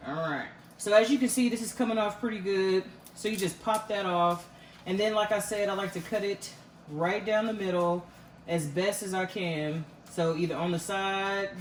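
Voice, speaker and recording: Woman, casual cooking talk, folksy storyteller, roomy echo, distant mic, faint noise. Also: medium pitch. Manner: chatty, folksy, storytelling with many fillers. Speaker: cooking vlogger.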